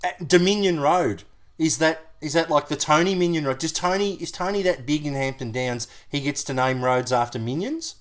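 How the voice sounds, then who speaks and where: A man's voice: fairly high pitch, normal speed. Teasing podcast co-host man. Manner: teasing, playful, with many interruptions. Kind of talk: casual podcast banter.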